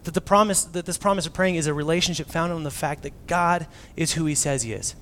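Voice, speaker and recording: Man, pastor, casual sermon, animated, raised pitch, drops to near-whisper. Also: fast talker, slight background noise. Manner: animated, swings from loud to near-whisper, acts out quotes; casual, joking preaching.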